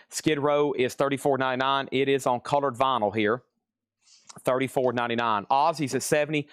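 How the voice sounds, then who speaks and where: A man's voice: medium pitch, clear, resonant tone, dry recording. A man hosting a live-stream record sale, reading off titles and prices and calling out bidders with chatty asides. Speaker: live auction seller.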